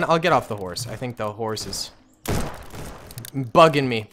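Excitable young man narrating gameplay. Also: medium pitch, a little slow, long pauses, a little hiss or hum. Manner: excitable, loud in-character rallying of troops. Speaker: gaming YouTuber. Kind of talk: let's play commentary. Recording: game music and gunfire behind.

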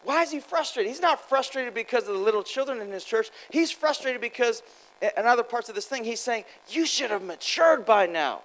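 Male preacher, high voice, animated, loud bursts and quiet asides, quick repeats. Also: low-quality recording. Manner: quick, with repeated words and restarts. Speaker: guest preacher. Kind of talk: sermon.

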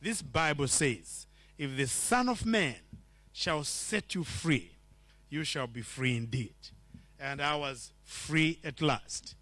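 A man from Zimbabwe preaches his testimony with earnest storytelling, acting out the dialogue. His voice sits high and rings bright. The sound is dry and close. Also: animated, slow, no room sound. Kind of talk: testimony sermon. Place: church.

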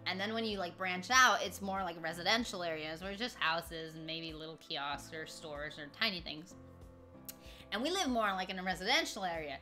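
A woman's voice: on the low side, normal speed, pushed and bright, soft background music. A woman in her twenties chatting casually with her stream viewers, rambling through stories, laughing often and greeting chat along the way. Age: 20s. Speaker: livestreamer.

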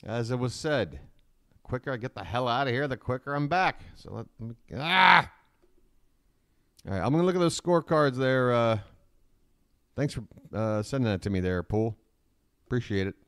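Hurried chatty man streaming from home. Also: mid-range voice, lively intonation, smooth, dry recording, studio quality. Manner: rambling, hurried, talks to chat directly. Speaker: live-stream host. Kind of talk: casual live-stream chat.

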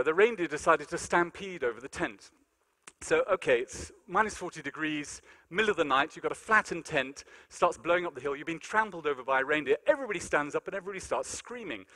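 A man's voice: on the high side, fast talker. A man giving a comic storytelling lecture to an audience in a large hall, acting out his own lines. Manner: animated, comic storytelling with acted-out quotes.

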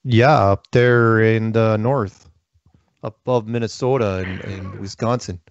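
A man's voice: on the low side, steady tone, slow, dry recording, muffled recording. A man hosting a call-in show, joking and rambling, laughing often. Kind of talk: casual call-in chat.

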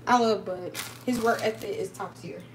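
A woman's voice: mid-range voice, normal speed, noisy background. A young woman chatting casually on a livestream, answering viewers while moving around her kitchen, laughing and emphatic. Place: home kitchen.

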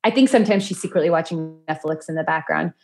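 Faint music sits behind this woman's low, darkish voice as she talks fast about chanting practice. She is a yoga and mantra teacher guesting on a podcast, chatty, laughing often, and acting out quoted voices.

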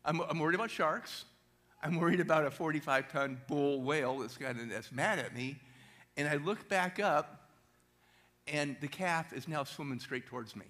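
A middle-aged man, a motivational speaker, telling an energetic story to a church audience and asking them questions. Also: fairly high pitch, moderate pace.

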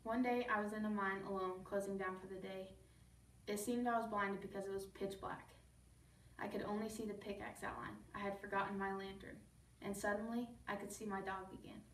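A woman reciting a first-person poem as a student, in a calm, measured storytelling delivery. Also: mid-range voice. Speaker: student reader. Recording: echoey room from far off, faint background noise.

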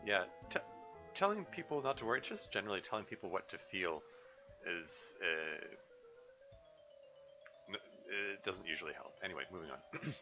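A man giving game commentary in a low voice that moves in a lively way, wry and sarcastic between readings. His tone is bright, and the recording is dull and lo-fi. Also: normal speed, long pauses, music in the background. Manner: wry, sarcastic asides with many fillers. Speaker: let's play host. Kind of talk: gameplay commentary.

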